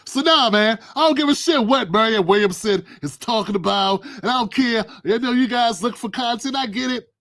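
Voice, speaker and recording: A man's voice: very high-pitched, moderate pace, few pauses, a bit bright, no echo. A middle-aged man hosting a livestream, ranting through political commentary in a blunt, aggressive and profane way. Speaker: livestream host.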